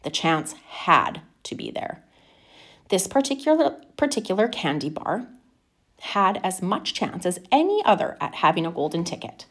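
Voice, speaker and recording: A woman reading a children's novel aloud with expressive, animated narration. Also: lowish voice, normal speed. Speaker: reader.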